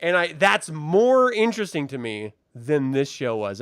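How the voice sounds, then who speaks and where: A man's voice: fairly high pitch, unhurried, a bit bright, smooth, no room sound, studio quality. A man co-hosting a casual podcast, sarcastic and profane, often slipping into mocking voices. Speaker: podcast co-host. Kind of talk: casual chat.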